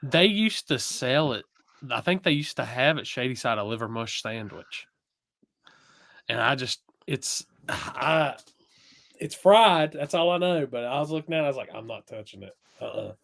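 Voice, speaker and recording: A man hosting a casual chat, expressive and teasing. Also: medium pitch, moderate pace, vocal fry, dry recording. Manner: expressive, teasing, drawled asides. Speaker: podcast host.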